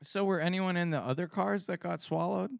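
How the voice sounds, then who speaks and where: A man's voice: high-pitched, fairly quick, creaky, dry recording, studio quality. A man from Pennsylvania co-hosting a casual podcast chat, playful and full of questions. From Pennsylvania, USA. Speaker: podcast co-host.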